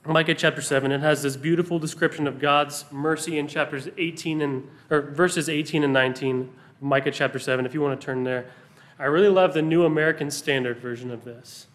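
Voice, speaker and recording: Man, preacher, earnest sermon delivery, emphatic pauses, slightly high pitch. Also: fairly even intonation, a bit bright. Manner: earnest, pausing for emphasis and reading scripture aloud.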